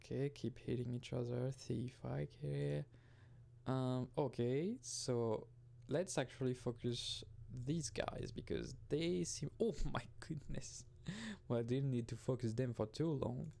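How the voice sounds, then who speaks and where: Gravelly rambling gameplay commentator man. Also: medium pitch, unhurried, dark tone. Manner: rambling, self-interrupting, swears casually. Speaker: gaming video host.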